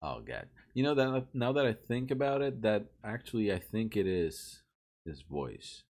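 A man's voice: fairly low pitch, sing-song, moderate pace, darkish tone. A man hosting a casual chat, teasing and laughing. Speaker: podcast host.

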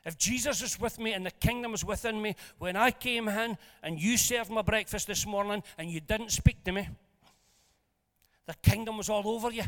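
A man preaches with a high, bright voice, telling stories with humour. He swings from loud, lively bursts down to quiet asides. His voice rings with the long echo of a church hall. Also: moderate pace. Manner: animated, jokey storyteller who swings between loud and hushed. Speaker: pastor. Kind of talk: storytelling sermon.

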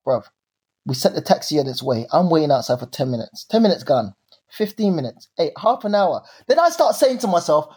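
A young man telling a story in casual chat, animated and full of slang, acting out his own drama. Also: a little high, brisk, slightly rough.

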